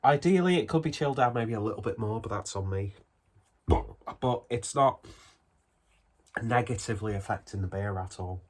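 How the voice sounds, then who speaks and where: A man's voice: lowish voice, moderate pace, long pauses. A man, still out of breath from a cold, chatting his way through a casual beer review at home in a rambling, self-deprecating manner.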